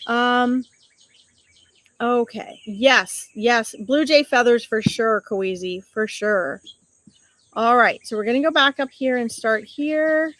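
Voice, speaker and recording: A woman with a slightly higher voice hosts a psychic live stream outdoors. She chats casually and affectionately as she reads viewer comments aloud and calls them sweetheart and buddy. The recording is dry and close. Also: takes it slowly, fairly bright tone, no room sound. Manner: chatty and affectionate, greets viewers with pet names.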